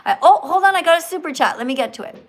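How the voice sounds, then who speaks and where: A woman's voice: very high voice, animated, rapid-fire, poor audio. A woman hosting a livestream, who lectures and corrects her guest like a strict teacher. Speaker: livestream host. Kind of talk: livestream chat.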